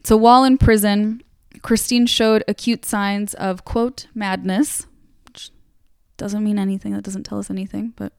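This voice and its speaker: Woman podcast host walking through a true crime case, chatty, lots of likes and um's, smooth clean voice, dry close sound. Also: mid-range voice, fairly even intonation, moderate pace, no echo. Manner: conversational storytelling, many fillers. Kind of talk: casual true-crime chat.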